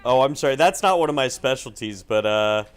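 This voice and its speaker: A man's voice: mid-range voice, expressive, brisk, clear, resonant tone. Upbeat male esports commentator. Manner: upbeat and jokey. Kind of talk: live game commentary.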